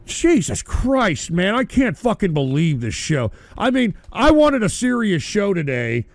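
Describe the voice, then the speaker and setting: A high, gravelly male voice hosting a live broadcast, ranting at his audience with profane, combative energy that keeps breaking into shouts. The sound is dry and close, with no room around it. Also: sing-song, moderate pace, no echo. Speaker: live-stream talk show host.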